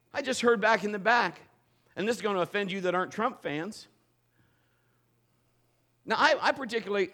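A middle-aged man, a pastor, giving a humorous sermon full of stories and acted-out quotes. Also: high voice. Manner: storytelling with acted quotes, animated and joking.

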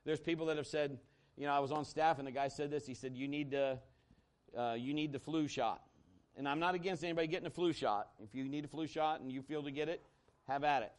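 A male pastor preaching a sermon, telling a personal story in a conversational, animated way that swings between loud and hushed. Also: a little high, fast talker, smooth.

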